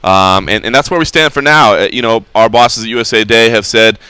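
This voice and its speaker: Man, quick talker, crisp and bright tone, casual rambling radio chat. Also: lowish voice, dry recording. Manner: rambling, many restarts. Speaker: co-host. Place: radio studio.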